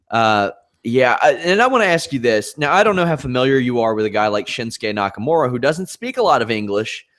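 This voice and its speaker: A man hosting a podcast, moving through topics in a conversational way and putting questions to his co-host. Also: medium pitch. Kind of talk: casual podcast chat.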